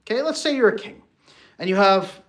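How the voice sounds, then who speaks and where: A man coaching on marriage, talking in a lively way and breaking into playful mock voices for his examples. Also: high voice, a little fast. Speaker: relationship coach. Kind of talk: animated solo talk with acted-out examples.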